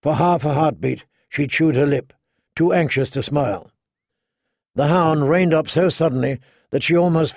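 A man reading a fantasy story aloud as narrator, measured and slowing down for dramatic emphasis. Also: a little high, creaky, a little mellow, no room sound, clean studio sound. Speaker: audiobook narrator.

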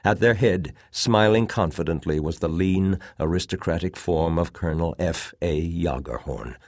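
Male narrator, low voice, measured audiobook read, dry booth. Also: dry recording. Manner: steady, measured reading.

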